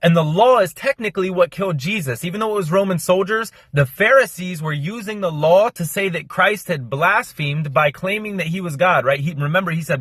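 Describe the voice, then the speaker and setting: Young guy breaking down a bible story real fast, slangy and hyped, kinda high voice, dry close sound. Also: dry recording. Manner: energetic, slangy, talks fast on purpose. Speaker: Christian content creator. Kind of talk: fast casual Bible explainer monologue.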